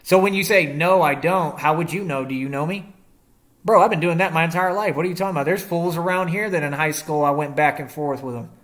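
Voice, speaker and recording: A man's voice: on the high side, brisk, a bit bright. A young man in a confrontational rant to the camera, defiant and combative, using slangy street talk and rhetorical questions. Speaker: vlogger.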